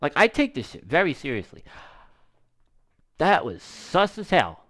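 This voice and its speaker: A man giving casual gaming commentary, animated and slangy, swearing and talking to his viewers. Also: on the high side, a little slow. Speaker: gaming streamer.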